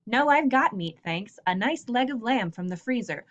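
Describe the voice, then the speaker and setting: A woman reading aloud as a sweet, falsely cheerful young wife in a story, in a bright sugary voice. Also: on the high side, expressive, normal speed, lo-fi sound, voice pushed up, close to an everyday voice.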